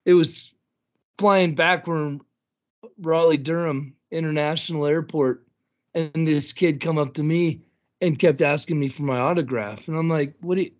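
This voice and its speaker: A man's voice: a little high, a little mellow. A man from Montana, a guest on a podcast, talking in brash, casual chat and swearing freely. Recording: dull lo-fi podcast audio.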